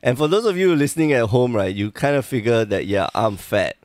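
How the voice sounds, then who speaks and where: A man's voice: mid-range voice, big pitch swings, fairly quick, a little mellow, no echo. A man hosting a casual podcast, joking and rambling, with a slight lisp from a sore tongue. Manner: joking, rambling, self-deprecating. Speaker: podcast host.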